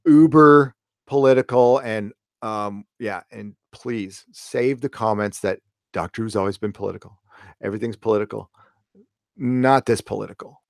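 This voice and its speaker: A man's voice: medium pitch, dry recording, studio quality. A middle-aged man hosting a casual live show, talking in a rambling, blunt way and swearing freely. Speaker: host.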